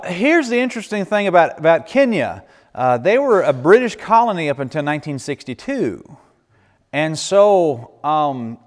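Folksy man telling stories. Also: high voice. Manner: folksy, laughing storyteller with many restarts. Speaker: missionary speaker. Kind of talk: church Q&A talk. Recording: echoey hall with long reverb.

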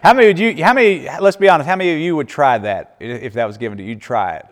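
A man, a missionary preacher, telling stories casually to a congregation, animated and laughing often with many restarts. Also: a little high, racing, long reverb tail.

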